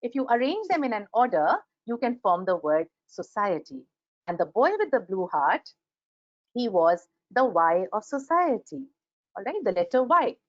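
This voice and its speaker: Speaking at a normal speed in a voice on the high side, this woman teaches a grammar webinar with an Indian English accent. She's lively and performs her example sentences aloud. The sound comes through a video-call computer mic, with no room sound and the highs cut off.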